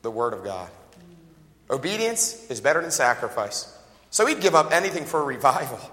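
A man's voice: mid-range voice, sing-song, brisk, long reverb tail. A man preaching a sermon as a pastor in an auditorium, emphatic and folksy, calling out to the congregation with joking asides. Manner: emphatic, call-and-response preaching with rising shouts. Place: large auditorium.

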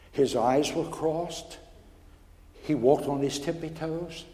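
A man preaching a personal testimony, telling his story in a stammering, animated way that builds in excitement. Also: fairly high pitch, slow pace. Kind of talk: sermon testimony. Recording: echoey hall with long reverb.

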